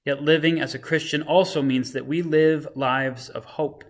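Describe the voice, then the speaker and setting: A man, a pastor, reading scripture and giving a short devotional sermon in a measured, earnest way. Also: fairly high pitch, steady tone. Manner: measured, earnest reflection with dramatic readings of quoted lines.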